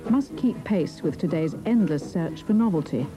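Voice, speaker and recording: A woman reading a documentary narration in a measured, even way. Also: fairly low pitch, over music, poor audio. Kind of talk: scripted narration.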